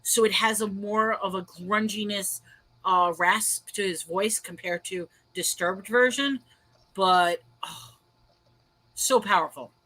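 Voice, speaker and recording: Bright-voiced chatty woman hosting. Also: medium pitch, slow. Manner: rambling, laughs often, reads viewer comments aloud. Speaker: host. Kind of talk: casual livestream chat.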